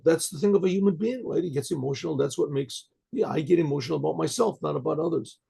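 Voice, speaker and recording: Gravelly older rabbi teaching Torah. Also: male voice, fairly high pitch, mellow. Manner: translates Hebrew phrases into English, many restarts and rhetorical "right?". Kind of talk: Torah lecture.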